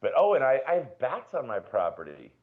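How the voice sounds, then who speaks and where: A chatty New man in his forties, co-hosting a podcast. He rambles animatedly and swears freely, and his pitch sits in the middle. The recording sounds a little dull and lo-fi. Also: huge pitch swings, fairly quick. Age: 40s. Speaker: podcast co-host. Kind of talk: casual chat.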